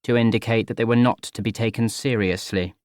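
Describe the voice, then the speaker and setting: A man's voice: fairly low pitch, fairly even intonation, brisk, a little mellow, dry recording, studio quality, lightly acted. A man voicing a literal-minded female scientist. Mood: dryly literal. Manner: literal, formal, unbothered. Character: pedantic blunt female scientist, middle-aged. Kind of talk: audiobook character voice.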